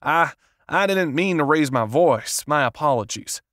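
A man's voice: on the high side, lively intonation, measured pace, a bit bright, dry recording, clean studio sound. A man voicing a desperate, frustrated would-be author who pleads in a raised, agitated voice, read as an audiobook character. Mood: pleading.

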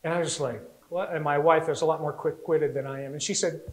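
An American man preaches a sermon from the pulpit, his voice pitched high. He tells stories with animation and slips into little voices for the people in them. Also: steady tone, fast talker, poor audio. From United States. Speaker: pastor.

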